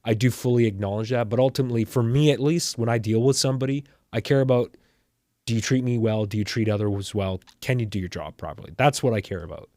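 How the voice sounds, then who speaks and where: A man's voice: mid-range voice, quick pace, a little mellow, dry recording, studio quality. A man from Canada with a Canadian accent, a podcast producer in casual chat. He speaks earnestly and emphatically, often repeating his point.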